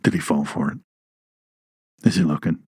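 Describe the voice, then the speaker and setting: A man doing a sly, deep-voiced sneaky snake. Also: steady tone, moderate pace, a little mellow, husky, no echo, studio quality, heavily acted. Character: sly male snake peeking after faking death.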